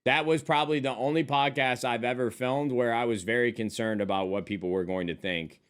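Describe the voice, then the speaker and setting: Seated at a desk with a monitor, a streamer reads out his chat and responds in loose, joking, profane fashion. His mid-range voice is smooth with fairly even intonation and moves a little fast.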